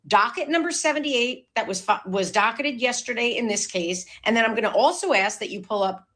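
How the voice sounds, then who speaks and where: A woman's voice: on the high side, brisk, a bit bright. Stern woman questioning at a hearing. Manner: stern, insistent, cuts in. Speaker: bankruptcy trustee questioning a debtor.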